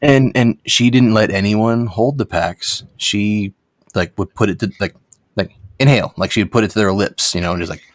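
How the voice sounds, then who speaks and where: A man co-hosting a casual chat about vapes, telling stories in quick, animated bursts with frequent restarts and swearing. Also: on the low side, no room sound, studio quality. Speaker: co-host of a cannabis vape review show.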